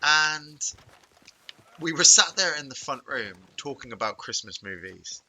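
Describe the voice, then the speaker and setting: A man chatting casually with viewers while playing a game, telling rambling stories with animated chuckles. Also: medium pitch, slow, a little hiss or hum, poor audio. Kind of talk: casual live-stream chat.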